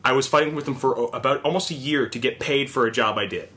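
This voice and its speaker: A man's voice: medium pitch, quick pace, bright, forceful tone. A man on a casual podcast telling a work story as a profane, laughing rant. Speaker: podcast co-host. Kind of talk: casual chat.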